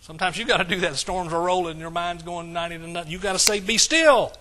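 A man preaching a sermon as pastor, with emphatic lines that swing from soft to hollering. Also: on the high side, flat delivery, rapid-fire.

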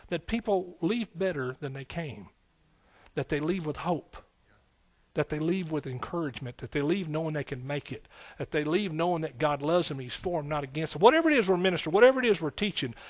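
A man preaching a sermon as pastor and Bible teacher, in a folksy, energetic style that repeats its phrases and calls out "amen". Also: a little high.

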